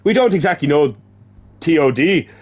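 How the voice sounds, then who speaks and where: A man voicing a gruff adult male corpse-disposal worker in a put-on accent that drifts between Irish, Welsh and Eastern European, pitched well above his own voice and louder. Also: expressive, normal speed. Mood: brisk. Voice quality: loud, raised voice with a wobbly put-on accent.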